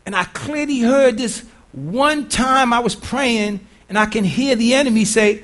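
A man's voice: very high voice, unhurried, hardly any pauses, a bit bright. A man preaching a sermon in a conversational way, quizzing the congregation and often repeating his words.

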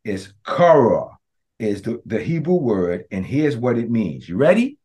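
A man, a pastor preaching a sermon, who prays in a hushed voice and then preaches with passion, often calling out to his congregation. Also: medium pitch, big pitch swings, unhurried. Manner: impassioned preaching that turns to the congregation; hushed, prayerful delivery.

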